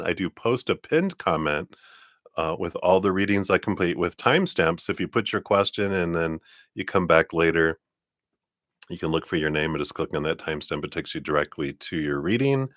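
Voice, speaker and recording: A man's voice: low-pitched, expressive, moderate pace, fairly bright tone, no room sound, studio quality. A man hosting a live tarot stream in a casual, chatty way, with many fillers and frequent laughs.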